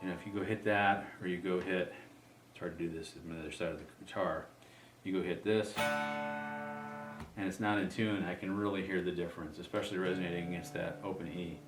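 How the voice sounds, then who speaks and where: A man talking through a guitar setup in a relaxed, unhurried way, pausing often to think as he demonstrates. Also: low voice, roomy sound. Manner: relaxed, thinking aloud with many ums. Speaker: guitar player explaining setup. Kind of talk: casual demonstration.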